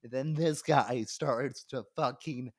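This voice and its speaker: Through a very noisy recording comes a young adult man's medium-pitched, slow voice. He's a comedian guesting on a podcast, telling a story loosely and ramblingly, swearing and laughing in the middle of sentences.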